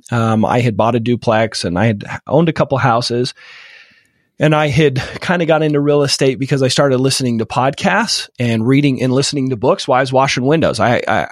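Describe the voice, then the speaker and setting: A man's voice: medium pitch, dry recording, clean studio sound. A man in his thirties, a podcast guest telling an emotional personal story with many repeated false starts. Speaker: podcast guest, real estate investor.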